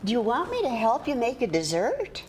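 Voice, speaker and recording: A woman's voice: on the high side, huge pitch swings, normal speed, darkish tone, a little hiss or hum. An older woman acting a sarcastic friend with dry, teasing humor in a TV drama.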